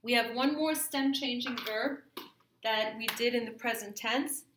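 A woman's voice: a little high, a little slow, background noise. A woman teaching a French grammar lesson to her class, patiently checking in with "okay?" as she goes. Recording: echoey room.

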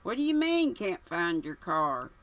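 A woman's voice: fairly low pitch, sing-song, unhurried. Woman doing a barking impatient colonel. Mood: brusque. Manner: curt, sharp, barking. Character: impatient gruff older police colonel.

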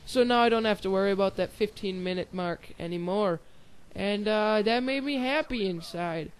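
A man's voice: high voice, normal speed, smooth. A young man giving casual gameplay commentary, rambling and giggly with self-deprecating asides. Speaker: gaming channel host.

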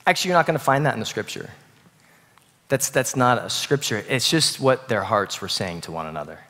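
A man preaching a sermon in a casual, conversational way, swinging between loud bursts and quiet, hushed passages. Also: medium pitch, animated, fairly quick, long reverb tail. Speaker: pastor. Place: church sanctuary.

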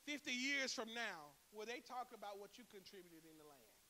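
A man with an American accent preaching a sermon as a pastor, with laughing asides, call-and-response, and a build to shouted praise. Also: sits high, lively intonation, moderate pace, in a large hall, a little hiss or hum. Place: church sanctuary.

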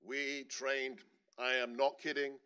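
A man's voice: medium pitch, flat delivery, slow pace, bright, forceful tone, smooth, lo-fi sound. A middle-aged man telling a personal story on stage at a panel, earnest and building to emphatic points. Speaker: panelist speaker.

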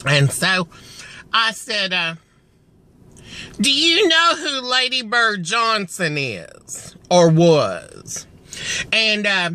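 A man tells a rambling story to a phone camera outdoors at a filling station, chatty and theatrical. He is cold and keeps clearing a frog in his throat. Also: very high voice, sing-song, very slow. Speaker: vlogger telling a story. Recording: loud wind noise on an outdoor mic.

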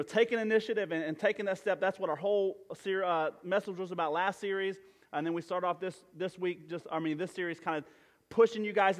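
A man with a notably high voice delivers a sermon from the stage of a church sanctuary, speaking conversationally and often restarting his sentences with fillers. His voice carries into a long, lingering hall reverb. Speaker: pastor.

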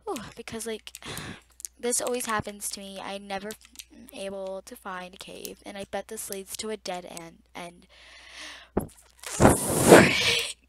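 A young woman giving casual gameplay commentary to viewers, chatty and easily startled, recorded at a desktop mic beside a loud keyboard. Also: mid-range voice, fairly even intonation, moderate pace, very noisy. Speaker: gamer. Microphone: desktop mic near loud keyboard.

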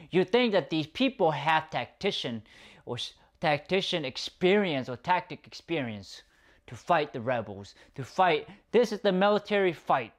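Man, casual review rant, exasperated, profane, repetitive, highly animated pitch. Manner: exasperated, profane, repeats himself. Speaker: movie reviewer.

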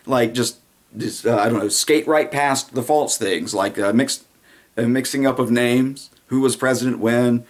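A man's voice: mid-range voice, steady tone, a little slow. Sarcastic rambling male commentator. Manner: sarcastic, rambling, frequent fillers. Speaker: political commentator. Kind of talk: casual monologue commentary.

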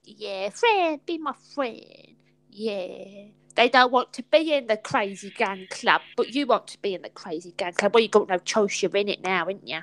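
A woman hosting a casual live stream from home, chatty and giggly and quick to poke fun at herself. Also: mid-range voice. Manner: chatty, giggly, self-mocking. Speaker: host.

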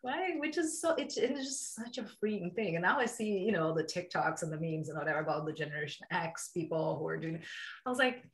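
A woman's voice: fairly low pitch, a little fast, low-quality recording. A woman, a guest mindset coach in a casual podcast chat who acts out bits of dialogue. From Brazil. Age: 40s. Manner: animated, acts out dialogue in quotes.

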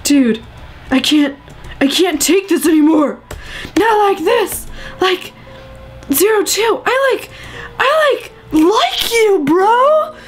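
A woman's voice: very high voice, animated, slow, pauses often, soft background music, voice pushed up, heavily acted. A woman voicing a young, lovestruck male knight in armor, gushing with a voice that cracks near tears.

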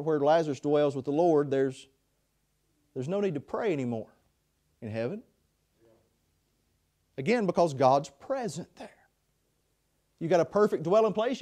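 High-voiced man preaching passionately. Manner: impassioned preaching with swings from loud to hushed. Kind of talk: sermon. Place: chapel.

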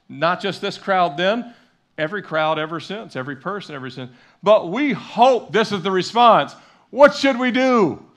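A man's voice: sits high, a bit bright. A middle-aged male pastor preaching a sermon in a church, talking conversationally with repetition and acted-out quotes. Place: church sanctuary.

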